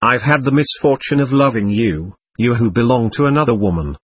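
A man's voice: medium pitch, lively intonation, fairly quick, breathy edge, no room sound. A man voicing a cruel woman who speaks coldly and harshly to her victim in an audiobook. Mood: cold menace. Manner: cold, harsh. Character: cruel vengeful woman murderer, cold and hard.

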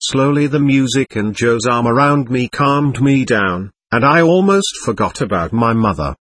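A man giving an even, measured first-person memoir narration into a close mic. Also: medium pitch. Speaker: audiobook narrator.

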